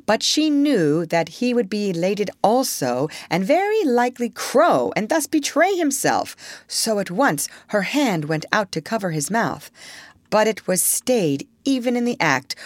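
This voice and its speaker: A woman reading a storybook aloud, slow and measured, with a lower voice that swings freely in pitch. The sound is dry and close, with no room echo. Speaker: narrator.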